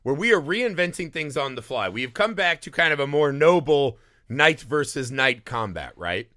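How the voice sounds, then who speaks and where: A man co-hosting a casual movie podcast, ranting in an exasperated, animated way and acting out scenes. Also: on the high side, moderate pace, no echo, clean studio sound. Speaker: podcast host. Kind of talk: casual movie review chat.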